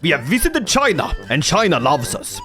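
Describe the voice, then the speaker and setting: A man giving energetic, jokey commentary on his strategy game playthrough, sometimes putting on voices for the characters. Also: on the high side, moderate pace, soft background music. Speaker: gaming YouTuber.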